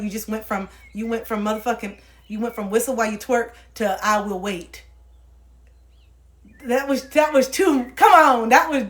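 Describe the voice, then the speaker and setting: A young woman livestreaming, ranting casually and profanely to her viewers in an animated way. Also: mid-range voice.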